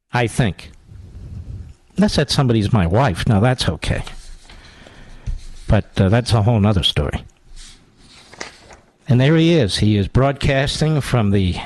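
Brief: combative man hosting radio, mocking delivery, animated, dry close mic. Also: a little high, no room sound. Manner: sarcastic, mocking, mimics others. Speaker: talk radio host. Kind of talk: combative political commentary.

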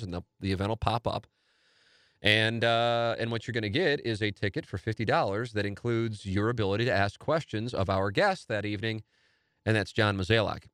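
A man's voice: lowish voice, gravelly, dry recording, clean studio sound. Enthusiastic rambling man hosting a podcast. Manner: rambling, enthusiastic, self-deprecating. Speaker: podcast host. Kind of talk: casual solo podcast talk.

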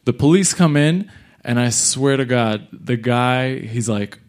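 A young man from New York City spins a funny story for a live crowd. He talks in a middle-pitched voice and keeps jumping into quick impressions of the people he met. His delivery is lively and loose. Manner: animated, acts out other people's lines. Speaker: comedian telling a live story.

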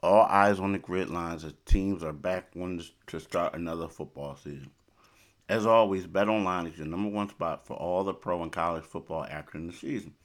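A man hosting a podcast, talking casually and emphatically, repeating himself as he reads sponsor ads. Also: low voice. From Philadelphia. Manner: animated, repetitive, emphatic asides. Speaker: podcast host.

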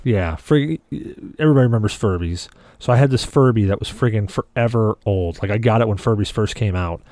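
A man's voice: on the low side, brisk, warm tone, no room sound. A man co-hosting a casual podcast chat, rambling through stories and swearing freely. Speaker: podcast co-host.

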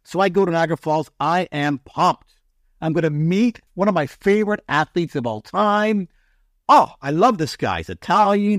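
Male broadcaster guest, animated raconteur, high-ish voice that swings widely. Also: dry recording, clean studio sound. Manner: animated, excitable storyteller. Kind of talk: storytelling in a podcast interview.

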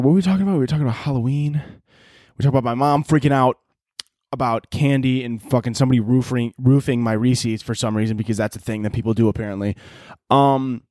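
A young man hosting a casual solo podcast, telling stories in a profane, laughing, animated way. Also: mid-range voice, dry recording, studio quality. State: out of breath. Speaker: podcast host.

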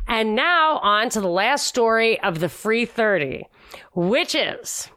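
A woman's voice: on the high side, animated, slow, sharp tone, no echo, studio quality. A woman co-hosting a casual podcast, chatty and opinionated, often restarting her sentences. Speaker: podcast co-host.

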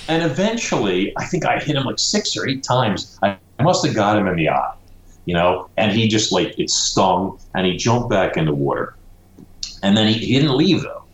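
A man's voice: lowish voice, big pitch swings, normal speed, roomy sound, poor audio. A man who is an author, telling a story animatedly in a conversational interview and saying "you know" often. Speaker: author guest.

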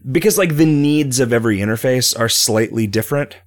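A man's voice: mid-range voice, fairly quick, dry recording. A man hosting a casual podcast, rambling as he reads listener questions aloud and talks through ideas. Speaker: podcast host and game developer.

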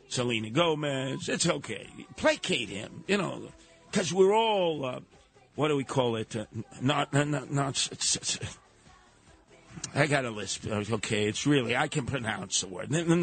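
A man hosting a radio talk show, delivering a sarcastic, animated monologue. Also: medium pitch, gravelly. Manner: sarcastic, animated, mocking put-on voices.

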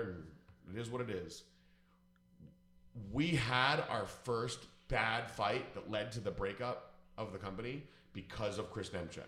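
A man's voice: fairly low pitch, a bit bright. Blunt, swearing man in echoey room. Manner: blunt, profane, emphatic. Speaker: business owner telling a personal story. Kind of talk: casual storytelling.

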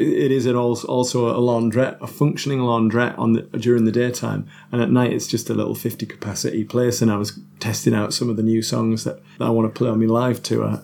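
A man's voice: medium pitch, creaky, darkish tone. A man, chatting as a podcast guest about football, self-deprecating, laughing often and restarting his sentences. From North East England. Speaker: guest musician. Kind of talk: casual podcast chat.

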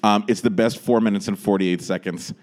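A man hosting a podcast, telling a story in a rambling, animated way with frequent restarts, in a small podcast room. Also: lowish voice, a little fast. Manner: rambling, animated, lots of restarts and self-interrupting. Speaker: podcast host. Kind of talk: casual storytelling chat.

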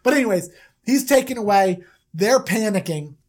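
A woman's voice: mid-range voice, animated, normal speed, darkish tone. A woman retelling a story in an irreverent, playful comedic style.

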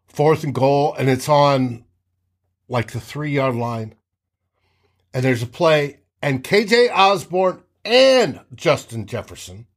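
A man hosting a casual sports talk show, telling game stories with animated re-enactments of players' shouts. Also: mid-range voice. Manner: animated, acts out players' shouts mid-story.

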